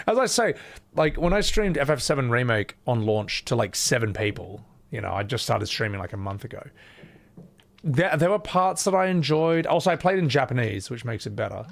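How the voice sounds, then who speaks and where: A man chatting casually on a live stream, loose and swearing freely. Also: mid-range voice.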